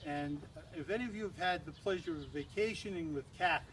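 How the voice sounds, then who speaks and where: A man's voice: fairly high pitch, quick pace, a bit bright, slight background noise. An older man giving a humorous toast at an engagement party, a rambling, teasing storyteller who restarts often.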